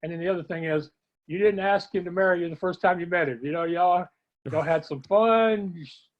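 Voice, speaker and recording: A man hosting a podcast, chatting casually and making friendly jokes. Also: on the high side. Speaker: podcast host. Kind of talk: casual interview chat. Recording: dull lo-fi remote audio.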